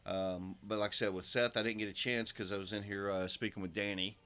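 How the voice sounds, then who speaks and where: A man commentating live on a darts match, chatty and relaxed, with many fillers and asides. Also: fairly low pitch, a little fast, smooth.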